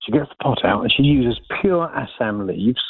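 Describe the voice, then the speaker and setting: A man calling in to a radio phone-in and telling a jokey, animated story. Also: medium pitch, moderate pace, husky, no room sound. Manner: jokey, animated anecdote-teller. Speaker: caller. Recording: tinny phone line.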